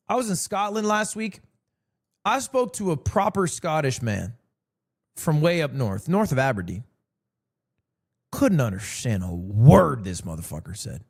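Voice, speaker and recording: A man's voice: a little high, measured pace, gravelly, long pauses, husky. A man streaming live, chatting casually and telling jokey stories with lots of swearing. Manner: animated, joking storyteller with frequent swearing.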